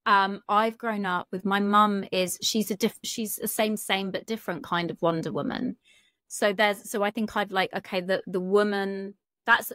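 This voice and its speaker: A woman's voice: medium pitch, a bit bright, dry recording, clean studio sound. Frank British woman, relationship coach. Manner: frank, chatty, swears casually, many fillers. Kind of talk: candid podcast conversation.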